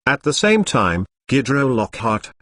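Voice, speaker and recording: Flat synthetic male storybook narrator. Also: mid-range voice, a little slow, no echo, clean studio sound. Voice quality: flat text-to-speech reading, reads punctuation aloud. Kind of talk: audiobook narration of fan fiction.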